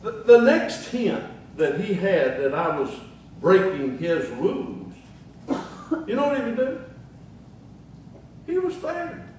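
A man's voice: high voice, very animated, takes it slowly, pauses often, darkish tone, very echoey, far from the mic, slight background noise, low-quality recording. An older man preaching a sermon in a folksy way, chuckling at his own jokes between scripture quotes.

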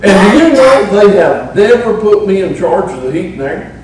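A man's voice: high voice, big pitch swings, normal speed, a little hiss or hum. A middle-aged man with a Southern Appalachian accent preaching a sermon as pastor, folksy and humorous, drawing out words for emphasis. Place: church sanctuary. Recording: echoey church, mic at a distance.

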